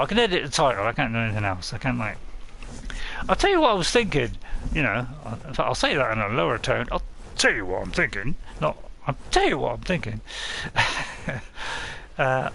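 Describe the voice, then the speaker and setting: A man streaming a game, talking in a loose, rambling and playful way. His pitch sits a touch high and bounces around a lot. The tone is bright, and there is a faint hiss behind him. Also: gravelly. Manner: playful, rambling, laughs often. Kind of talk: casual live-stream chat.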